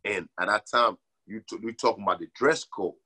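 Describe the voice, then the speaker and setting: A young man from Liberia telling his life story in a casual interview, animated and often asking "you know what I'm saying". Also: on the low side, fairly quick, slightly rough.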